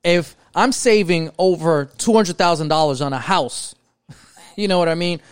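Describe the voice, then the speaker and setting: A young man from New York talking loosely on a podcast, his voice sitting on the higher side. He rambles, piles up fillers and restarts his thoughts. The sound is dry and close to the mic. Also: normal speed, clean tone, no room sound. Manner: loose, rambling, lots of "like" and "you know". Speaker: podcast co-host. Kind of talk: casual podcast chat.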